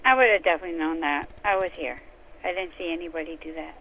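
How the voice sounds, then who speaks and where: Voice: mid-range voice, quick pace. Manager on the phone, mid-range voice, patient but skeptical, tinny lo-fi line. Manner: patient and apologetic, turning firm and skeptical. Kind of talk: customer service phone call. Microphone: telephone.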